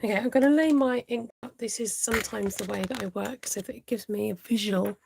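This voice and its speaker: A woman's voice: on the high side, fairly quick, gravelly, noisy background. A woman hosting a live card-making tutorial, chatting to viewers and laughing often as she works.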